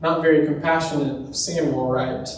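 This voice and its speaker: A man's voice: a little high, fairly even intonation, normal speed, slight background noise. Echoey, distant man preaching casually. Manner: conversational storytelling with asides. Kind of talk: sermon. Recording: very echoey room, distant mic.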